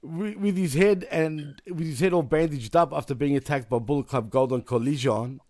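A man's voice: a little high, moderate pace, darkish tone, no echo, clean studio sound. A male host recapping events in casual chat, laughing often.

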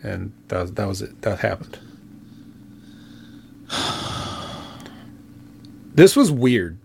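A man's voice: lowish voice, very animated, extremely slow, gravelly, a little mellow, slight background noise. A man co-hosting a wrestling review podcast, recapping events in a laid-back way with fillers. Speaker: podcast co-host.

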